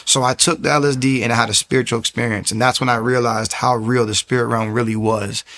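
A young man, a former soldier, giving a personal faith testimony in quick, emphatic bursts with frequent restarts. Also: mid-range voice, fairly even intonation, fairly bright tone. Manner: fast, emphatic telling with frequent restarts and sudden raised bursts.

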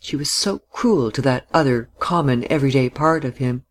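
A narrator reading a novel aloud in a measured, even way. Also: medium pitch.

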